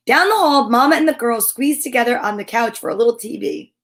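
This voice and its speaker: A woman's voice: high voice, expressive, moderate pace. A woman reading a children's picture book aloud, with playful, chatty asides to her listeners. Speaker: children's story reader.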